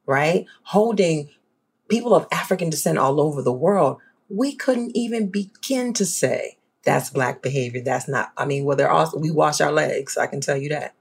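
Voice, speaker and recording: A woman with a New Orleans accent talks through ideas in a relaxed panel discussion, speaking as an academic guest. Her voice has a gravelly fry and a husky, slightly breathy texture, and her delivery is emphatic and animated. She keeps pulling listeners along with a quick "right?". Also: sits low. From New Orleans, US South.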